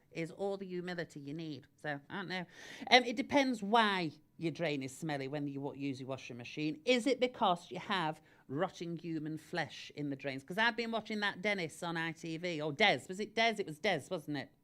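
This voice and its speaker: A woman, hosting a live-streamed comedy advice show in a camp, deadpan, self-aggrandising way. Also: low voice. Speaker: comedy host. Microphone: live-stream camera mic.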